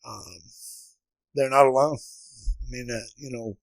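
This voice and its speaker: A man hosting a podcast, answering his guest with short affirming remarks and warmly closing the episode. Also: mid-range voice, slow pace, creaky, no room sound, low-quality recording. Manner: affirming, brief acknowledgments. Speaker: podcast host. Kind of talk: casual chat.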